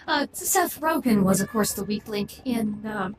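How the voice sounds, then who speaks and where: A woman's voice: medium pitch, lively intonation, unhurried. A woman streamer chatting casually on a livestream, rambling and opinionated, often restarting her sentences. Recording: echoey room with clear background noise.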